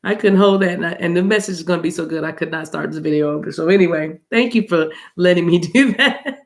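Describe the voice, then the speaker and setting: An American woman doing a casual spiritual card reading, chatty and rambling, with a voice roughened by allergies. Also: fairly low pitch, quick pace. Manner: chatty and rambling, addresses viewers as y'all, laughs often. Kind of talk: casual tarot reading chat.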